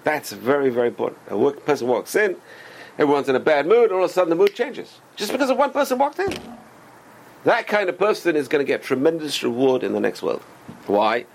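Animated rabbi with a gravelly voice. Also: male voice, a little high, brisk, slight background noise. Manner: animated, rhetorical questions to the class. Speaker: rabbi teaching a class. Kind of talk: religious class lecture.

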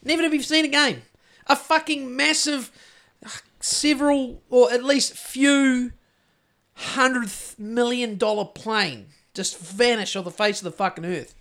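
A New Zealand man with a notably high voice, chatting on a podcast mic. He rambles from tangent to tangent, swears freely and keeps things jokey. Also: steady tone, a little slow, pushed and bright. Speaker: podcast host. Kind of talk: casual chat.

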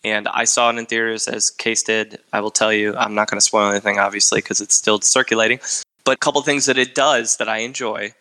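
Gravelly, bright-voiced man chatting casually. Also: lowish voice, steady tone, fairly quick. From Michigan. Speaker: podcast host. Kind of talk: casual chat.

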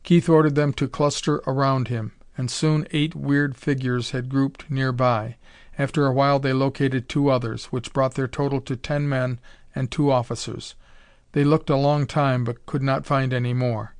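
A man narrates an audiobook in a steady storytelling voice at a middle pitch. The recording is close and dry, with no room sound. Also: moderate pace, no echo.

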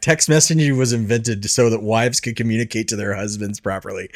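A man's voice: medium pitch, moderate pace. A man hosting a casual podcast, laughing often, swearing freely and rambling through restarts. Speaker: podcast host.

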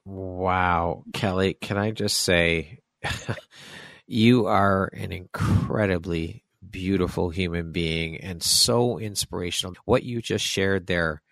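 Slow, deep-voiced male podcast host. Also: fairly even intonation, gravelly, dry recording. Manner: warmly affirming. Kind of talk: interview.

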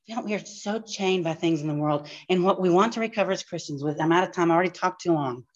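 A woman pastor, teaching a live class in a fast, animated storytelling way with quick asides. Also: lowish voice. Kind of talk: live-recorded church class. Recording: dull lo-fi live recording.

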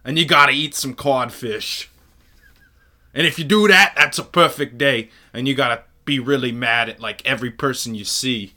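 A man's voice: mid-range voice, normal speed, pushed and bright. A man doing an impression of a brash, boisterous Boston man with a Boston accent, tossing out punchy exclamations.

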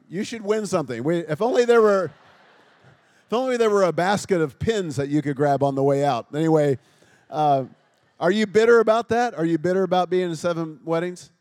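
Joking pastor in a reverberant church. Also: male voice, a little high, a little mellow. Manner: joking, self-deprecating, quizzes the congregation. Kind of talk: humorous sermon. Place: church sanctuary before a congregation.

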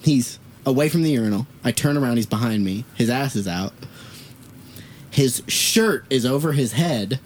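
A man's voice: medium pitch, lively intonation, moderate pace, darkish tone, slight background noise. A young man hosting a podcast, telling a rambling story and swearing as he acts out the voices of people in it. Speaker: podcast host. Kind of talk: casual storytelling.

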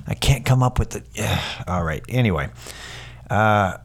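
A man's voice: fairly low pitch, expressive, moderate pace, gravelly. A man hosting a podcast, ranting sarcastically in a casual, profane, rambling monologue full of restarts. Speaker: podcast host.

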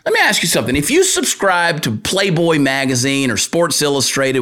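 A man's voice: mid-range voice, a bit bright. A man hosting an opinion talk show and ranting in a crude, joking, worked-up way. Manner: riled-up, crude, joking rant. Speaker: podcast host and comedian.

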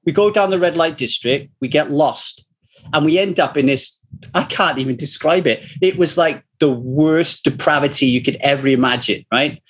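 A man's voice: a little high, moderate pace, breathy edge. A man from Manchester with a Northern English accent, chatting casually and telling blunt, profane stories. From Manchester, England. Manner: blunt, swearing freely, lively storyteller. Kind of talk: casual chat, storytelling.

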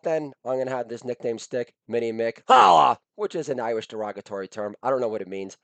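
A man hosting a podcast with a blown-out, hoarse voice, delivering a crude comedic rant broken up by sudden shouted catchphrases. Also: on the low side, dry recording. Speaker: podcast host.

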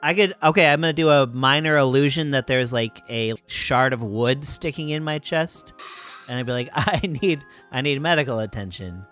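A man's voice: medium pitch, a bit bright, faint music behind. A man playing a tabletop role-playing game, joking and laughing with friends. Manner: laughs a lot, quick joking asides. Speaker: player. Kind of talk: casual game chat.

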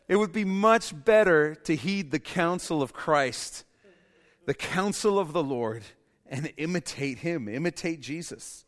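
Male pastor, animated sermon, acts out quotes, reverberant hall. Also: fairly high pitch, a little slow. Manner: animated preaching, acts out quoted voices, repeats key lines. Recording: echoey hall with long reverb.

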